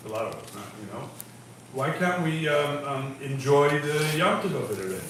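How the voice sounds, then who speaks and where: A man telling a story in a casual livestream chat, animated and laughing as he goes. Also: mid-range voice, moderate pace. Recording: echoey room, far from mic, noisy.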